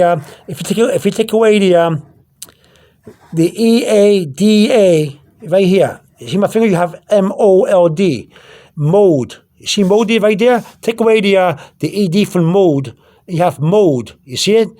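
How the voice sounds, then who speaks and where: A man's voice: high voice, a little mellow. A man giving an informal language lesson, pointing things out on a product label, often stopping, repeating words and checking in with "okay?". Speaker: language teacher.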